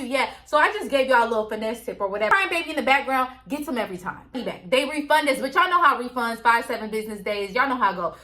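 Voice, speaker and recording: A woman's voice: sits high, quick pace, few pauses, sharp tone. A woman vlogger casually telling a story to her viewers, candid and chatty.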